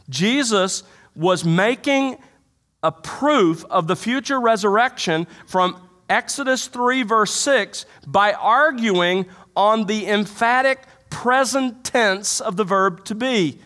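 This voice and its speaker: A pastor with a notably high, light voice preaches to his congregation. He reads scripture aloud and then unpacks it with emphatic rhetorical questions. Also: slow pace, sharp tone. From United States. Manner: expository preaching, quoting and explaining scripture. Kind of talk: sermon. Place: church sanctuary.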